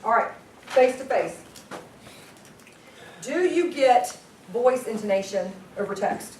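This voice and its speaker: A woman leading a live sales training class, energetic and constantly quizzing her audience. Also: a little high, slow, slight background noise. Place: meeting room with a group. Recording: echoey room, distant mic.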